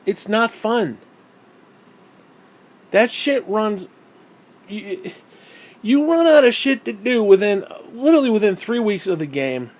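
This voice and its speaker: A man ranting heatedly about a video game at home, swearing constantly in an angry, profane tirade. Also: high voice. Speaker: gaming YouTuber. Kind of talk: angry gaming rant.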